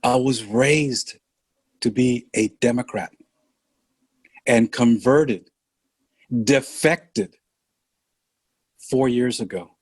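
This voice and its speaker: An older man from San Francisco speaking as a podcast guest, earnest and deliberate in a reflective conversation. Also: mid-range voice, breathy edge, no room sound. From San Francisco, California.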